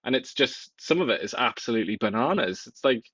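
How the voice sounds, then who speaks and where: A man's voice: medium pitch, expressive, brisk, fairly bright tone, husky, no room sound, dull audio. A man co-hosting a political talk show, speaking wryly and joking dryly. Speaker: co-host. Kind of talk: casual political chat.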